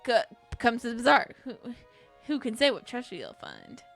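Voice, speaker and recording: A woman voicing a streetwise male black market dealer from a puzzle game, speaking low and conspiratorially. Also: wildly swooping pitch, moderate pace, fairly bright tone, soft background music, heavily acted. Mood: warning.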